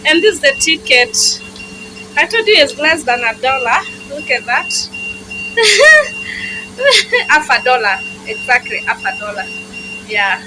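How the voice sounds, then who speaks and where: A woman vlogging on a handheld phone at a railway station and on board a train. She gushes with excitement and repeats herself often. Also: high-pitched, unhurried, pauses often, music in the background. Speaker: travel vlogger. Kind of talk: casual vlog narration. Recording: noisy phone recording on the move.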